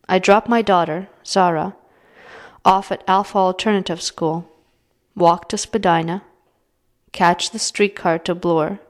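A woman reading her own short story aloud in a measured, even way. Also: lowish voice.

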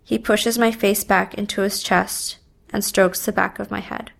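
A woman reading a first-person story aloud in a subdued, even manner. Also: mid-range voice, gravelly. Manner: slow, even, subdued delivery. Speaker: narrator.

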